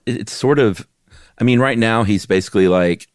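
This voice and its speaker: A man with a very low voice co-hosts a podcast, rambling in a relaxed, self-deprecating way. The sound is dry and close on a studio microphone. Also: moderate pace, no echo. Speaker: podcast co-host. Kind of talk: casual chat.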